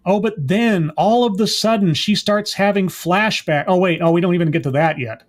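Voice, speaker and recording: A man's voice: high voice, moderate pace. A man giving a sarcastic, exasperated episode recap as a show reviewer, rambling and mocking.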